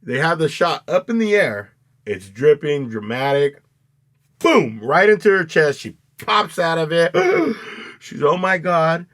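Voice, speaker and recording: A man co-hosting a casual movie review chat, retelling scenes with loud acted-out outbursts and plenty of swearing. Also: on the high side, sing-song, measured pace. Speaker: podcast co-host.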